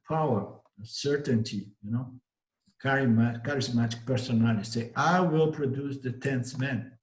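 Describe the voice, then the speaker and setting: A man with a Brazilian Portuguese accent gives a spiritual teaching talk, telling stories, repeating and rephrasing himself and acting out the voices of the people in them. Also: medium pitch. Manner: storytelling, repeats and rephrases, acts out voices in the story. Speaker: Vedanta teacher. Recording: roomy echo.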